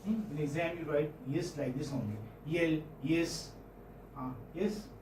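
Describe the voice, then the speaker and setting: Man, indian english accent, classroom lecture, high-pitched, echoey room, distant mic. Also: a little mellow, a little hiss or hum. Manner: halting, repeats words, checks in with students. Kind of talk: classroom lecture on phonetic transcription. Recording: roomy classroom audio from far off.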